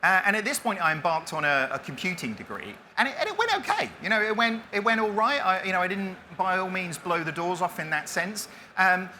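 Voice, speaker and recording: A man's voice: fairly high pitch, bright, forceful tone, a little hiss or hum. A man in his forties giving a self-deprecating conference talk, with many restarts as he tells his story. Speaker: keynote speaker. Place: conference stage.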